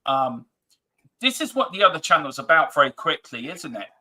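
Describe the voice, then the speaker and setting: A man's voice: on the high side, very animated, normal speed, bright, forceful tone. A man co-hosting a casual fan live stream, reading viewer comments aloud and laughing often. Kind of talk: casual chat.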